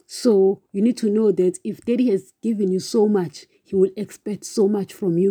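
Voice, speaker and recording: A woman's voice: medium pitch, dark tone, slightly rough, no room sound, clean studio sound. A woman giving an informal devotional talk for a podcast, preaching with passion, repeating herself and calling her listeners "guys". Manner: impassioned, repetitive, keeps calling listeners "guys".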